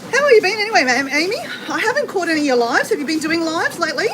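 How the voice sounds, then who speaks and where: High-voiced Australian woman chatting mid-walk. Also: very animated, racing. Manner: chatty, reads and answers viewer comments. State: walking on a treadmill, slightly effortful. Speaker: livestream host. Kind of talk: casual livestream chat while treadmill walking. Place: home with renovation banging. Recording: noisy background with banging.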